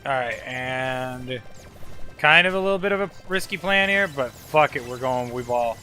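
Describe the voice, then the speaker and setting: A man's voice: mid-range voice, lively intonation, normal speed, pushed and bright, faint music behind. A young man casually commenting while streaming a game, loose and profane, rambling with lots of filler words.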